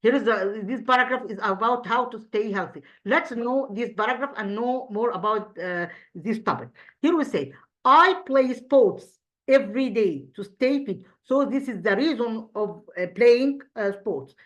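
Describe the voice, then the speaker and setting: With a fairly high pitch, lively intonation and moderate pace, an Egyptian-accented woman teaching English takes her class through an exam review step by step. She keeps asking and answering her own questions, frequently beginning again.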